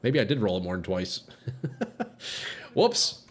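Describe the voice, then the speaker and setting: A young man with a low voice talks fast while live-streaming a game, chatting with his viewers. He swears a lot, laughs often, and rambles as he chats.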